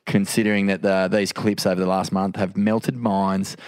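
A man's voice: low voice, level tone, normal speed, a little mellow, no echo, studio quality. A man hosting a podcast in casual chat, laid-back and playful, swearing freely. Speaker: podcast host.

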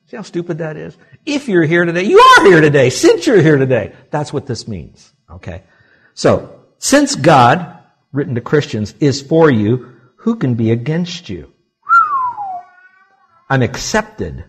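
A male pastor preaching a sermon to his congregation, swinging between loud exclamations and quiet asides. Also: mid-range voice, very animated, measured pace, slightly rough. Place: church sanctuary.

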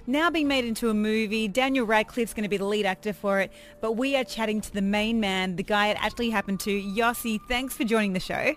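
A woman's voice: mid-range voice, fairly even intonation, fairly quick. A woman co-hosting a radio show in casual chat, teasing and laughing along with her co-host, and introducing a guest.

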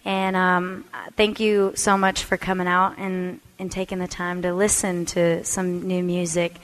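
A woman from Texas, a singer guest chatting casually in a radio studio interview, pausing on fillers and laughing easily. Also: on the low side, little pitch movement, poor audio.

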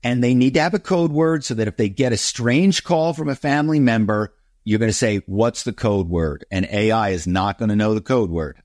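In a clean studio recording with no echo, a middle-aged man speaks a little fast at a medium pitch, his tone slightly mellow. As a guest author in an interview, he relates anecdotes and performs the phone calls in different voices.

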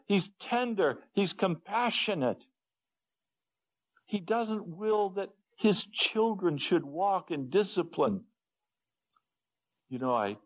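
Earnest slow-talking male preacher. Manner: earnest, wide swings between low hushed and raised pleading tones. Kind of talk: sermon. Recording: dull lo-fi sermon recording.

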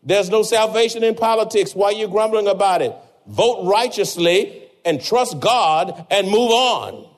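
High-voiced preacher, emphatic. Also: male voice, measured pace. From Louisiana. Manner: preaching with rising emphasis and repeated words. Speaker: pastor. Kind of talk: sermon.

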